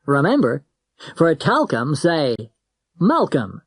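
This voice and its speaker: A man playing an earnest, confiding pitchman in a scripted advert. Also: huge pitch swings, takes it slowly, dry recording, clean studio sound, full character voice. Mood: mock-serious. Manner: mock-serious, confiding. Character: earnest man confessing a personal problem.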